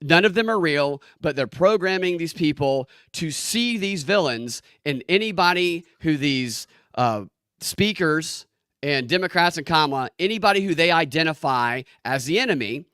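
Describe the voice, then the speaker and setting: A man's voice: fairly high pitch, lively intonation, moderate pace, fairly bright tone, clear, resonant tone, no echo, clean studio sound. A man hosting a podcast, giving sarcastic political commentary and often stammering and restarting his sentences. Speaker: podcast host.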